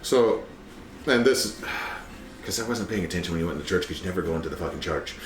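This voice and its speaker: A man playing a tabletop game, joking and swearing in quick casual back-and-forth. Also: low voice, lively intonation. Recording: roomy room with faint background hum.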